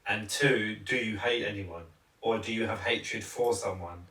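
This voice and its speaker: Bright-voiced man asking questions. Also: on the low side, distant mic. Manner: probing questions, halting restarts. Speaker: podcast co-host. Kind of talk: casual chat. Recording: roomy, off-mic sound.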